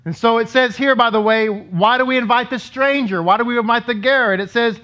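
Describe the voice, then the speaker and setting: A man's voice: very high-pitched, brisk, bright, forceful tone. A man leading his congregation as rabbi, giving a sermon in a conversational way and asking them questions, heard in a synagogue sanctuary. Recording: dull lo-fi recording.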